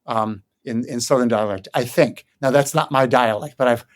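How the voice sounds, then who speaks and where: An older man from Chicago speaks as a guest in an interview, his voice sitting at an ordinary middle pitch. He explains things thoughtfully, with frequent ums and short pauses as he searches for words. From Chicago, United States. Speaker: guest Yiddish scholar. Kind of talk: conversational interview.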